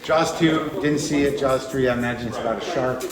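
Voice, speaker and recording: A man's voice: medium pitch, a little fast, a loud crowd. Wry man telling rambling stories in an echoey club. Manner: rambling, wry anecdotes with put-on impressions. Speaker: comedian guest. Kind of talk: casual storytelling chat. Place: comedy club.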